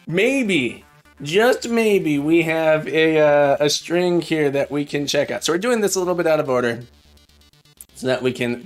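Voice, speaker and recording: A man live-streaming while he codes, chatting casually and thinking aloud as he debugs, with a self-mocking manner. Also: fairly high pitch.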